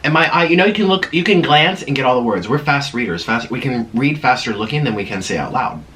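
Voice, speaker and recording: A man's voice: medium pitch, expressive, fast talker, a bit bright, a little hiss or hum. A man hosting an eating vlog, chatting through a dramatic story between mouthfuls. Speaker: vlogger.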